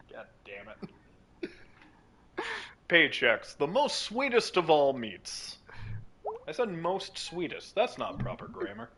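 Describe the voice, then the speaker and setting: A man chatting casually while streaming a game, full of teasing jokes. His voice is bright and sharp, fairly high for a man. His pitch swings widely as he talks. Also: wildly swooping pitch, slow pace, long pauses, slight background noise, rough recording. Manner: joking, banter-heavy. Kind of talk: casual gameplay chat.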